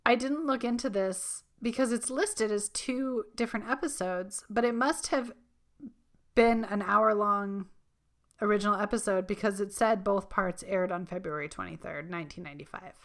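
A woman co-hosts a podcast in relaxed, casual chat. She sounds playful and laughs easily. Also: medium pitch, moderate pace. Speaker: podcast co-host.

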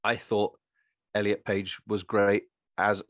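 A man who acts, talking through his opinions in a rambling, animated way and acting out other people's lines. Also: lowish voice, slow, dry recording. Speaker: podcast co-host and actor. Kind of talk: casual opinionated chat.

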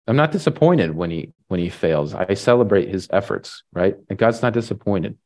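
A man preaching a sermon in a relaxed, conversational way, often tagging on "right?" and pausing with fillers. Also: low-pitched. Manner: halting restarts and fillers. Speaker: pastor.

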